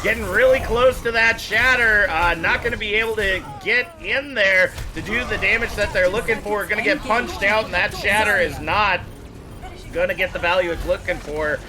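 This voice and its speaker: A man casting a live online match, calling the plays quickly with many fillers and asides. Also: high voice, noisy background. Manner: quick, excitable calls with frequent fillers. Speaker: esports caster. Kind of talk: live play-by-play commentary.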